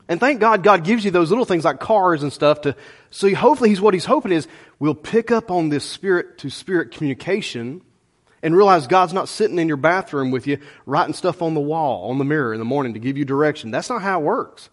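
Lively, animated male pastor preaching. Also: on the high side, brisk. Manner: conversational, animated preaching with folksy asides. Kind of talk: sermon.

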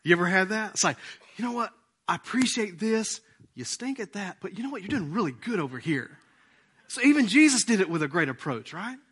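A middle-aged male pastor preaching a sermon, swinging between loud appeals and hushed lines and acting out quoted prayers. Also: sits high, very animated, a little fast, slightly rough. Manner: acts out quoted prayers and asides.

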